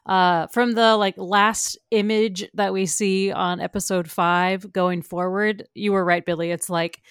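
A woman co-hosts a laid-back pop culture podcast, gushing with quick laughs. Her voice comes through smooth and clear, recorded close and dry with no room sound. Her pitch sits in a mid range. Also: steady tone, no echo. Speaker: podcast co-host. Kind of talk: casual pop culture chat.

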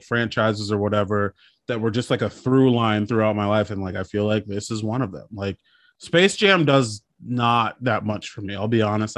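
A man co-hosting a casual podcast chat, animated and profane, often slipping into quoted voices. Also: fairly low pitch, dry recording, studio quality. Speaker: podcast co-host.

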